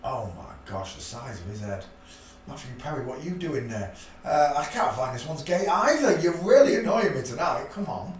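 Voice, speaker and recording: A man's voice: mid-range voice, big pitch swings, normal speed. Muttering man in an echoey room. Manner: muttering, talks to himself, chuckles, blunt. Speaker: channel host. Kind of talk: rambling live-stream commentary. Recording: echoey room, mic at a distance, faint hiss.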